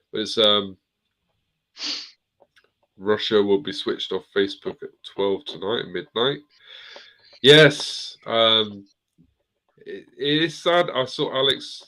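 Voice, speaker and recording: A man's voice: fairly low pitch, bright, forceful tone. A middle-aged man hosting a casual live chat, rambling through viewer comments and swearing now and then. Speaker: host of a live chat stream.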